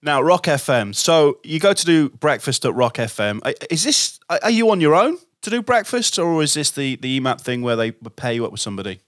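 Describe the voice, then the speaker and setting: A man's voice: a little high, big pitch swings, fairly quick, few pauses, fairly bright tone, no room sound, clean studio sound. A man hosting a casual interview podcast, a former radio presenter who laughs often and mimics voices.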